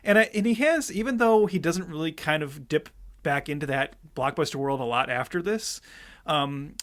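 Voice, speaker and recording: A man co-hosting a film podcast, talking in an animated, rambling way. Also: fairly high pitch, moderate pace. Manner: animated, rambling with restarts and many likes. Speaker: podcast co-host. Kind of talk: casual film podcast chat.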